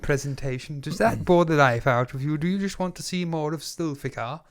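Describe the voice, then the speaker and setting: A man putting on a posh English gentleman. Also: mid-range voice, flat delivery, quick pace, gravelly, no echo. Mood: grand. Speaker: co-host. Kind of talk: reaction video chat.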